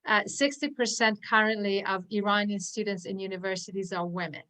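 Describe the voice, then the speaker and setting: A woman's voice: medium pitch, steady tone, brisk, sharp tone, poor audio. A woman at an online community event, earnestly telling a personal story and acting out the quoted dialogue. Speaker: audience member at an online poetry event.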